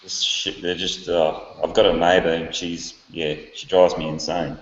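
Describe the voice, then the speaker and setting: A man's voice: low-pitched, flat delivery, normal speed. A man chatting casually in a group voice chat, laid-back with dry jokes. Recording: roomy lo-fi voice chat with long echo.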